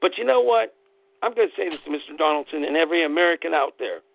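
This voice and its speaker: A man's voice: on the high side, expressive, fast, creaky, dry recording. A man hosting an internet radio show, delivering a fired-up, profane political rant in angry bursts. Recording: tinny phone-line audio, dry.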